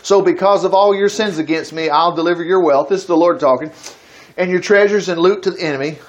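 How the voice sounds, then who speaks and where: A man's voice: a little high, highs cut off. A man teaching from the Bible in a casual, conversational way, reading passages aloud and acting out the characters' lines with chuckles and asides. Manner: animated, reads scripture aloud and acts out the characters' lines; chuckles and breaks off to comment mid-reading.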